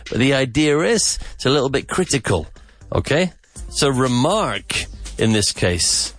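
Man teaching vocabulary, lively pitch. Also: soft background music. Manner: slow, emphatic repetition of words. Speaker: English teacher and podcast host. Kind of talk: podcast vocabulary lesson.

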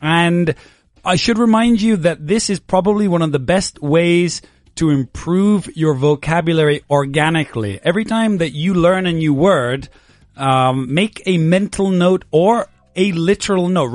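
A man's voice: a little high, normal speed, no echo. A man teaching English vocabulary in a casual, playful lesson, encouraging his student and laughing often.

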